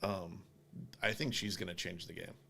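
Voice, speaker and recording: A man co-hosting a podcast, sharing news in quick, enthusiastic casual talk. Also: low-pitched, fairly even intonation, vocal fry, sharp tone. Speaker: podcast co-host.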